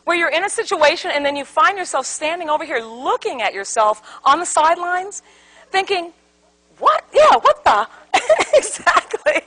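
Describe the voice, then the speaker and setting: A woman speaks to a live seminar audience in a high voice that swoops widely. She tells her stories with animation, acting out the quotes. She keeps putting questions to the room. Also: expressive, normal speed, bright, forceful tone, rough recording. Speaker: conflict resolution speaker. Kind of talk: interactive seminar talk.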